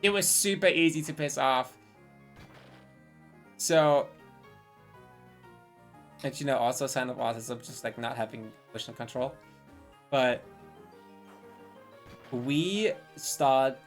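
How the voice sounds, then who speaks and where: A woman's voice: extremely low pitch, slow, pauses often, faint music behind. A woman in her twenties telling a rambling, profane story on a live stream and drifting into tangents.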